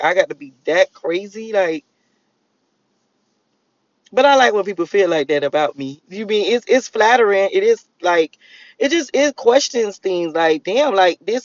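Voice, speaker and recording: A man's voice: high voice, no room sound. A man rambling through a solo vlog monologue, leaning on "like" and restarting his sentences. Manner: musing, repeats "like" often, restarts sentences. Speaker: vlogger. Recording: dull lo-fi dry recording.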